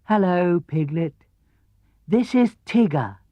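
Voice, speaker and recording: Mild, unhurried storybook bear, a little raised in pitch, as a male reader puts him on; muffled old LP sound. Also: animated, no room sound. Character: slow, gentle, simple male teddy bear. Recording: dull, dry 1970s LP studio recording.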